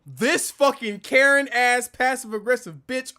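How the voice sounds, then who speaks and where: A male streamer, loudly trash-talking his way through a game on stream. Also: high voice, normal speed. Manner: loud, profane, animated trash talk. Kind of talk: casual gaming commentary.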